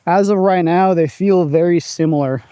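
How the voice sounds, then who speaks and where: A man's voice: sits high, moderate pace, warm tone, clear, resonant tone, dry recording. A man casually talking through his disc golf throws in an open field, upbeat and chatty. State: out of breath at times. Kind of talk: casual outdoor vlog commentary.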